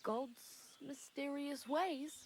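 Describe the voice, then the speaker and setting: A woman's voice: high-pitched, slow pace, a little mellow, slight background noise. A woman voicing a talkative young woman hiding out in a thieves' lair in a video game, candid and dryly morbid. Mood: chatty. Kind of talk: game character dialogue.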